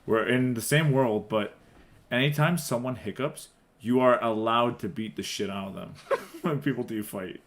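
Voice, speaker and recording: A man's voice: medium pitch, normal speed, background noise. A man co-hosting a podcast, joking around, laughing and acting out silly bits in casual chat. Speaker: podcast co-host.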